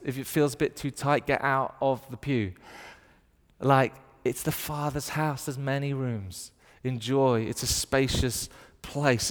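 A man from the north of England with his own Northern accent, delivering a sermon in an animated storytelling manner. His middling voice carries a long reverb from a large hall. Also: mid-range voice, smooth. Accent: Northern English. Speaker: preacher.

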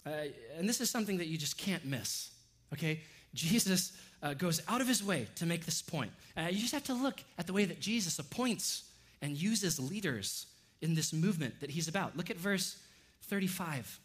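A man preaching a sermon, animated and sarcastic as he acts out the disciples' lines. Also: on the high side, normal speed, breathy edge. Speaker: pastor.

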